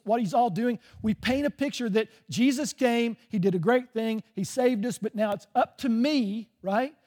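A man's voice: high voice, a little mellow. A man preaching a sermon as pastor, conversational, often checking in with "right?".

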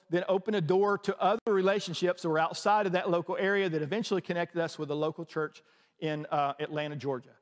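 Storytelling male preacher in a reverberant hall. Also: sits high. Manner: storytelling, conversational, many restarts. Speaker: pastor. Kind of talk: sermon.

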